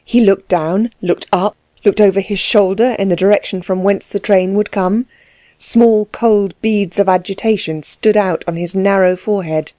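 Warm, mellow woman narrating a story. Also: mid-range voice, no echo, studio quality. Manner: steady, measured storytelling. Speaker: audiobook narrator. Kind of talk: scripted narration.

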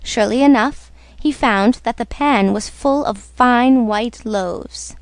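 A woman narrating a storybook on radio in a slow, measured way. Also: fairly high pitch, no echo. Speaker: story reader.

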